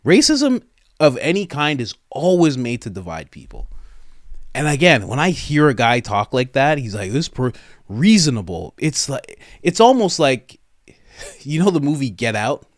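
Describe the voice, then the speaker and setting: A man talking on his podcast in an animated, incredulous way, his pitch swinging widely from point to point. He speaks casually, leaning on fillers like "man" and "bro", with a short laugh now and then. The sound is close and dry, with no room around it. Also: moderate pace, dry recording. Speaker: podcast host. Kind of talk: opinionated podcast commentary.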